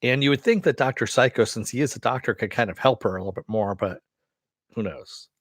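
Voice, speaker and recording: A man's voice: mid-range voice, brisk, dry recording, clean studio sound. A man giving a casual, rambling episode review, laughing often and swearing.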